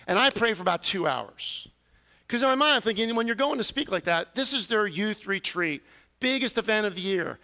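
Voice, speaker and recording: A man's voice: high-pitched, animated, brisk, pushed and bright. A man preaching a sermon, telling a personal confession in an earnest, storytelling way with sudden emphatic rises. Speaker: pastor.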